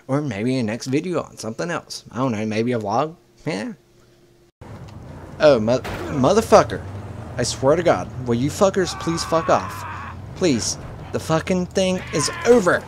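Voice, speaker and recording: Male gaming host at an average pitch, profane and rambling, over a faint hiss. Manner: profane, rambling, mock-panicked. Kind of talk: let's play commentary.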